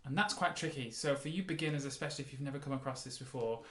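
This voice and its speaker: A man teaching a mandolin lesson, explaining in a relaxed way and counting the beats aloud. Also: medium pitch, very fast. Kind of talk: casual music lesson. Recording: roomy sound with mandolin playing.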